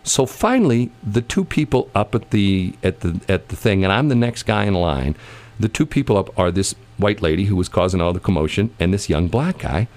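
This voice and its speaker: A man's voice: on the low side, very animated, brisk, a little mellow. A man casually telling a long anecdote in conversation, rambling with many restarts and bursts of laughter. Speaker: storyteller in a conversation.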